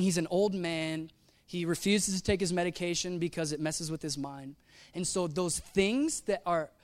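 A man preaching a sermon in a casual, animated way, full of slang and acted-out asides. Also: a little high. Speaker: pastor.

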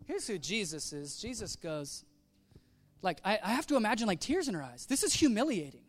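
A man's voice: high-pitched, big pitch swings, fairly quick, faint music behind. A man preaching a sermon, telling a story with casual slang and acting out the quoted voices. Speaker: pastor.

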